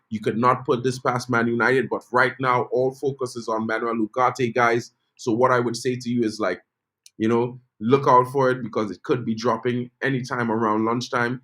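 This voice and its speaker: A man's voice: mid-range voice, a bit bright. Chatty man hosting football talk. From Trinidad and Tobago. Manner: chatty, peppered with "you know", reads viewer comments aloud. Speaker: football channel host. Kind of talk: casual live-stream football chat.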